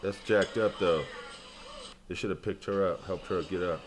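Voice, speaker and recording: A man's voice: deep voice, steady tone, moderate pace, noisy background. A man hosting a podcast alone, rambling and joking with lots of swearing, then freestyle rapping. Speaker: podcast host. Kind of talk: casual solo commentary and freestyle rap.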